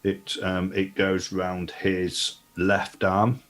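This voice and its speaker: A man's voice: sits low, completely flat delivery, extremely slow, a bit bright. A man playing a tabletop game, tentatively describing his character's spell. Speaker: player.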